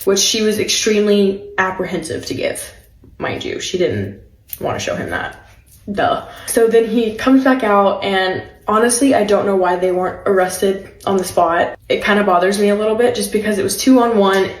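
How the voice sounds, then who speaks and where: Chatty young woman, echoey room. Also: mid-range voice. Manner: chatty, laughs often, many "like" fillers. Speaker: storyteller. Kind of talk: casual storytime vlog.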